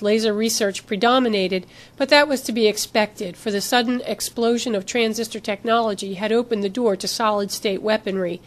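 A woman narrating a novel in an even, steady scripted reading. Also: mid-range voice. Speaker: audiobook narrator.

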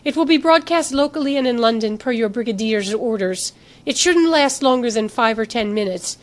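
A woman voicing a cool, controlling female research director with a put-on accent and a crisp, condescending manner. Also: a little high, expressive, normal speed, lightly acted. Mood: coolly formal.

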